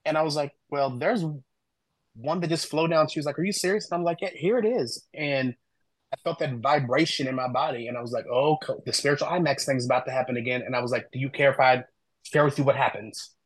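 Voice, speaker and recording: A man, a guest on a podcast, telling personal stories in an animated, conversational way and acting out the voices of friends he quotes. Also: medium pitch, fast, no echo, poor audio. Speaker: guest, human design reader and author.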